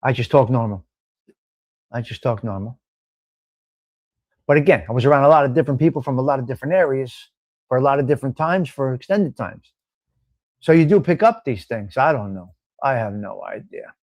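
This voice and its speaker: A North Jersey man with a matching accent hosts a live stream in a casual, blunt, profane manner, reading out viewer names. His medium-pitched voice has a darkish tone and lively intonation, and he talks at a quick pace with no room sound.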